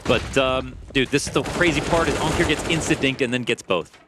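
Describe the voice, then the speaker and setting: A man's voice: medium pitch, brisk. Casual slangy esports color commentator man. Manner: casual, slangy, jokey analysis. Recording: noisy game audio behind.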